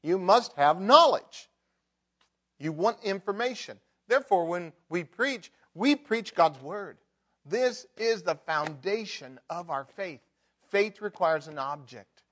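Man, middle-aged, preacher, sermon, emphatic, hushed to loud, fairly high voice. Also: expressive, unhurried. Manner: emphatic, swings between loud mock outbursts and hushed prayer.

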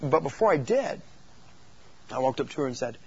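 A man's voice: medium pitch, normal speed, breathy edge, dull audio. A man who works as a youth pastor, speaking to other youth workers and telling stories animatedly. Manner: animated storytelling, acts out voices in quotes.

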